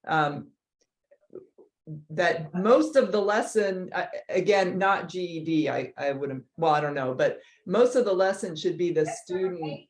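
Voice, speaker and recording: A woman's voice: fairly low pitch, unhurried. Woman volunteer tutor, hesitant, thinks aloud on a video call. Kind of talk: question in a training session.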